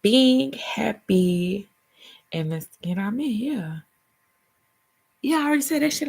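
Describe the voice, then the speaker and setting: A woman's voice: a little high, animated, slow, creaky, long pauses, darkish tone, husky. A woman with a Southern US accent chatting casually and profanely about her spiritual life, laughing and slipping into silly voices. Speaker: vlogger and spiritual healer. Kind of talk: casual chat.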